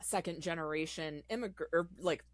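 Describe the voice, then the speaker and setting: A woman's voice: sits low, normal speed, no echo. A woman in casual podcast chat, talking with many fillers and laughs. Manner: hesitant, laughs between thoughts, many fillers.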